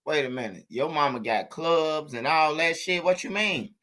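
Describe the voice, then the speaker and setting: A man's voice: a little high, moderate pace, pushed and bright. A man asking pressing, incredulous questions in casual chat.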